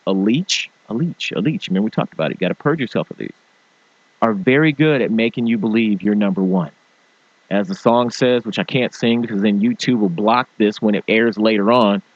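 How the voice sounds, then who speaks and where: A man hosting a talk show, giving an animated motivational rant and mimicking people in funny voices. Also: fairly low pitch, no room sound, dull audio. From small-town farming family. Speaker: show host.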